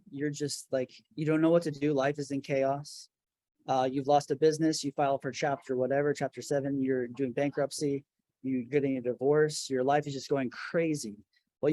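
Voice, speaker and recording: A man with a fairly high voice speaks earnestly, stopping and restarting as he goes. The sound is dry and close, with no room echo. He talks about faith and work in a relaxed interview. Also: moderate pace. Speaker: guest, record label founder. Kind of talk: casual interview. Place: his office.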